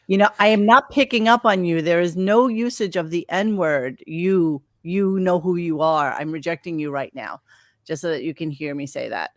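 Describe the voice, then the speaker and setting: A woman co-hosting a call-in radio show, answering calls and chatting in a brisk, plain-spoken way. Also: low-pitched, dry recording, clean studio sound. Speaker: radio co-host. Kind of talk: casual call-in show chat.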